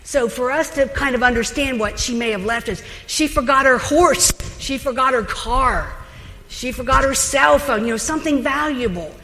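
Chatty woman preaching in an echoing hall. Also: high-pitched. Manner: chatty, animated, with asides and laughter. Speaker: Bible teacher. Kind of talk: conversational sermon. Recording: long hall reverb.

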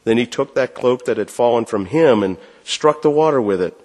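Guy doing the bible reading at church, steady and clear, lots of reverb. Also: medium pitch, normal speed. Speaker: scripture reader. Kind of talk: scripture reading in a church service.

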